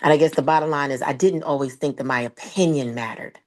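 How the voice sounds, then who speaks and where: A woman caller with a morning voice, sharing earnestly and haltingly on a group call. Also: sits low, darkish tone.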